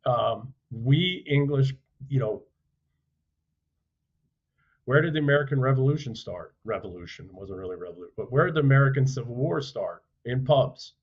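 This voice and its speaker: A man speaking as a podcast guest, telling stories bluntly and forcefully, with profanity and rhetorical questions. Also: mid-range voice, lively intonation, normal speed, slightly rough, muffled recording. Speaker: podcast guest, author and former soldier. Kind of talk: forceful conversational storytelling.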